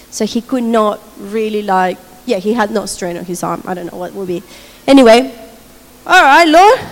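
Speaking at medium pitch, a woman shares a faith testimony as a sermon, her voice trailing long reverb through a large hall. She's animated, laughs often, and acts out what people said.

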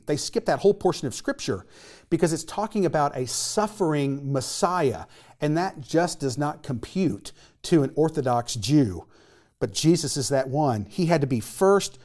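A male pastor delivering a sermon in a somewhat high voice. He tells the story with lots of energy, asks the congregation questions and acts out the quoted lines himself. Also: a little mellow.

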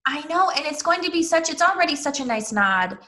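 A woman's voice: high voice, very animated, fairly quick, sharp tone. A woman with a Midwestern accent co-hosting a podcast, chatting enthusiastically about a TV show and often trailing off mid-thought. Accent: Midwestern American. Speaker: podcast co-host. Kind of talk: casual chat.

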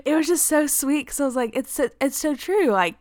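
A young adult woman hosting a podcast, chatting casually, bubbly and quick to laugh, with lots of "like". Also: high voice, lively intonation, a little mellow, dry recording, clean studio sound. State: pregnant. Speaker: podcast host. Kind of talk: casual chat.

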